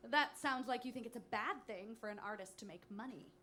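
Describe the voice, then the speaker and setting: A man voicing a prim, inquisitive TV interviewer during a live cabaret number. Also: fairly quick. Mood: probing. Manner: high, lilting, polite questioning. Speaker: interviewer in a sketch.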